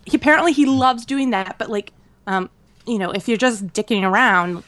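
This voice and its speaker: A woman co-hosting a podcast, telling a travel story in a casual, animated way with many fillers and laughs. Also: on the high side, normal speed, no room sound. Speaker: podcast co-host. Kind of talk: casual chat.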